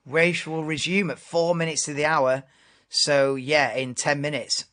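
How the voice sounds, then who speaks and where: A man's voice: a little high, steady tone, a little slow, fairly bright tone. A man hosting a live race watchalong stream, chatting casually and laid-back over the broadcast.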